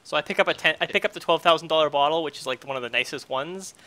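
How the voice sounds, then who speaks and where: Bright, crisp-voiced man playing a tabletop game. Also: fairly high pitch. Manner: halting, full of fillers and restarts. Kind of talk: casual in-character play.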